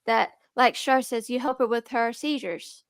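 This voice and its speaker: On a dry recording, a young female streamer speaks at normal speed in a voice on the high side. Her casual chat rambles, full of restarts, and she has a speech impediment as she describes being nervous and defensive.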